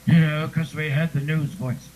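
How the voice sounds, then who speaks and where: A man's voice: a little high, flat delivery, moderate pace, a little mellow, slight background noise, poor audio. A man being interviewed who once read radio news, telling chatty stories and laughing often. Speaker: guest; former radio newscaster. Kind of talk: casual chat.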